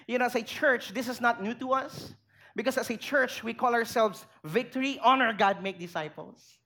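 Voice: medium pitch, fairly bright tone. A pastor preaching a sermon in church, making emphatic points and putting rhetorical questions to the congregation.

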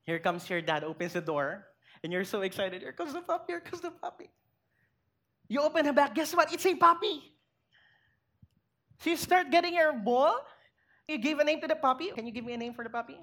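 Filipino woman, pastor, sermon, high voice, lively, asks the crowd questions. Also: brisk. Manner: lively, acts out little scenes and asks the congregation questions.

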